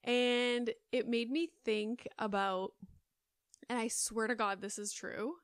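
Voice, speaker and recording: A woman's voice: on the high side, fairly even intonation, takes it slowly, clean tone, no room sound. A woman in her thirties hosting a solo podcast, chatting in a rambling way with lots of fillers, close on the mic. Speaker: podcast host. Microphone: close studio mic.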